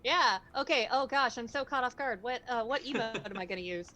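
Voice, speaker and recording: A woman's voice: on the high side, brisk, a crowd in the background. A woman player on a video call, flustered and giggly. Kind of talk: casual livestream chat.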